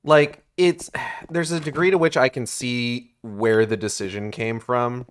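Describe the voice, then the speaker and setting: A man's voice: medium pitch, fairly even intonation, unhurried, clean tone. A man streaming a video game live, chatting casually and swearing as he plays, thinking aloud with plenty of fillers. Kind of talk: live gameplay commentary.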